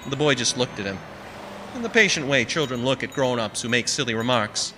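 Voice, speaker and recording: Guy reading a story, wry and dry, lively pitch, long echo. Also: fairly quick, a little hiss or hum. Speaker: narrator. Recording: long reverb with faint music.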